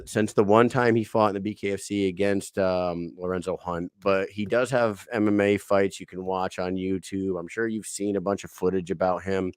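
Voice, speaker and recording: A man hosting an interview podcast, telling stories in a lively, casual way. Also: lowish voice, smooth, no echo, clean studio sound. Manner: storytelling, animated. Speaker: podcast host.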